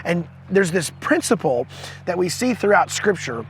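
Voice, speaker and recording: A man's voice: high voice, sing-song, moderate pace, slight background noise. A man hosting a fathering video series, giving an earnest, casual devotional talk with chuckles and quoted scripture, recorded outdoors on location.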